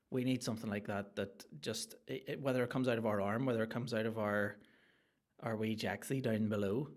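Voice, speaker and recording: A man hosting a solo comedy podcast, ranting in a crude, rambling and excitable way. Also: mid-range voice. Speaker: podcast host.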